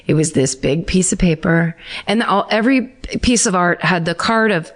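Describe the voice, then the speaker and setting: Low-voiced chatty woman podcast host. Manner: chatty, rambling, quick to laugh. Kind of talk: casual chat and reading listener letters.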